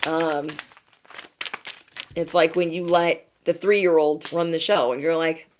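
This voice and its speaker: A woman with a low-pitched voice reads tarot for her online audience. She speaks in a loose, conversational way, often pauses to ask "okay?", and laughs lightly now and then. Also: steady tone, a little mellow. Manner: chatty, reassuring, frequent "okay?" and laughs. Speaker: tarot reader. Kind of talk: casual tarot reading to viewers.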